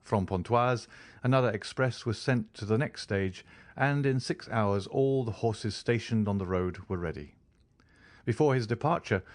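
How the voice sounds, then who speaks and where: A man narrating a classic novel as an audiobook, in a steady, formal storytelling manner. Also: medium pitch, no echo. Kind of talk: scripted narration.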